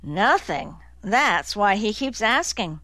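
A woman's voice: mid-range voice, sing-song, pushed and bright, no echo, full character voice. A woman doing a big sullen grumbling man. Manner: grumbling, defensive, slow. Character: big slow-witted young man, sullen and irritable.

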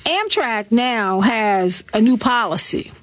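A woman hosting a talk show, riffing through celebrity gossip with sassy, animated commentary and quick laughs. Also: fairly high pitch, a little hiss or hum. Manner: animated, sassy storytelling with laughs and mock voices.

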